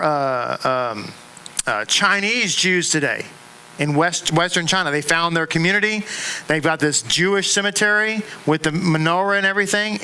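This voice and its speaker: Man, middle-aged, rabbi-style class lecture, high voice, animated, repeats himself, jokes with the room, synagogue classroom. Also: low-quality recording.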